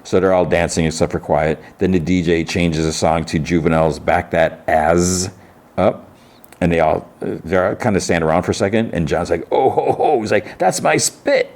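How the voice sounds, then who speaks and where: Deep-voiced man recapping a TV episode. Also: steady tone, normal speed, darkish tone. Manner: rambling, with frequent restarts and "he's like" quotes; laughs while telling the story. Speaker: podcast host.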